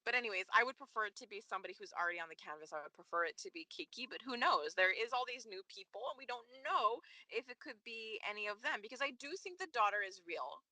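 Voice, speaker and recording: A young woman co-hosting a casual podcast chat, talking in an animated way, laughing often and acting out what characters say. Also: medium pitch, fast, hardly any pauses, no echo, rough recording. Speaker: podcast co-host. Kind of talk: casual chat recapping a soap opera.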